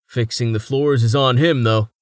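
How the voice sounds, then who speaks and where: An easygoing young male adventurer with wry, dry humor, as an audiobook narrator voices him. The voice is mid-pitched and sounds close and dry. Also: fairly even intonation, moderate pace, no room sound, natural voice.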